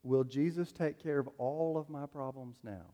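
This man speaks at medium pitch and a moderate pace, his voice mellow. He's a pastor delivering a sermon in a church sanctuary, rambling through stories with plenty of fillers, and the recording carries a long hall reverb.

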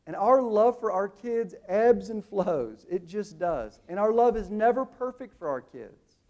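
A man in his thirties preaching a sermon, booming slow on quoted lines and dropping quick and hushed in his asides. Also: expressive, muffled recording. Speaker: pastor.

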